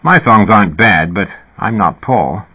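A man's voice: lowish voice, animated, measured pace, pushed and bright, breathy edge, full character voice. A man voicing a genial, amused male musician with a slight British accent and a twinkling, lilting manner. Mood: chatty. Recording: tinny phone-like audio.

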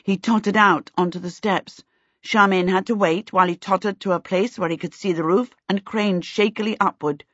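A woman narrating a storybook in steady, measured scripted narration, in a dull lo-fi recording. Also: medium pitch, breathy edge, dry recording. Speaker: audiobook narrator.

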